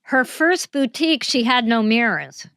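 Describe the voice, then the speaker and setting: A woman in her seventies, a talk show guest, answering questions in a thoughtful, measured storytelling way. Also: fairly high pitch, lively intonation, a bit bright, smooth, no echo, studio quality. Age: 70s. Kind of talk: interview conversation.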